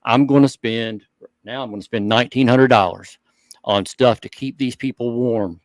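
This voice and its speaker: A man co-hosting a hobby talk show, speaking earnestly and thinking out loud in casual chat. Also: medium pitch, normal speed, dry recording. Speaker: show co-host.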